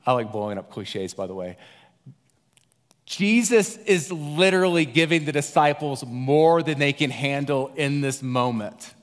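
Male guest preacher, mid-pitched, chatty and wry, acting out quoted lines; reverberant church hall. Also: lively intonation, unhurried. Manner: conversational, jokey, acts out the disciples' voices. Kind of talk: sermon.

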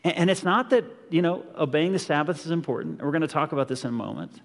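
Earnest pastor preaching in a reverberant hall. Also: male voice, fairly high pitch, expressive, fast, vocal fry. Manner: conversational, earnest, with rhetorical questions. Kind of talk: sermon.

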